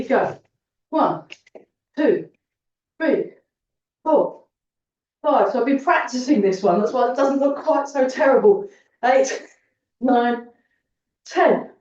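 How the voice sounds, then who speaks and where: Breathless woman exercise teacher, cheerful and chatty, fairly high voice, recorded far off in an echoey room. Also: a little mellow. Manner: cheerful, chatty, counts aloud. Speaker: fitness and tai chi instructor. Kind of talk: counting through an exercise class. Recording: roomy echo, distant mic, dull sound.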